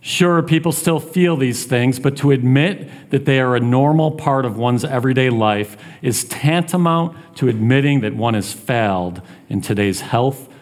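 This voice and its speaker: A man's voice: medium pitch, moderate pace, hardly any pauses. A man preaching a sermon in an earnest, conversational way, with plenty of restarts. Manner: earnest, conversational, acts out taunts in a raised voice.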